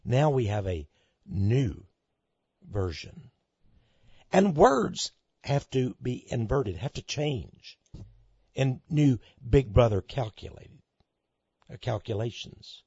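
A man preaching a sermon to listeners he calls friends, swinging between loud outbursts and hushed asides. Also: medium pitch, big pitch swings, takes it slowly, pauses often, slightly rough, dry recording. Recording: dull lo-fi recording.

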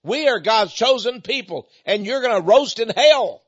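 An indignant older man scolds insistently, as a husky-voiced speaker quotes him. The delivery is heightened and lively, on a dull lo-fi recording. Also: medium pitch, slow pace, dry recording, exaggerated voice. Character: angry older male heckler, indignant.

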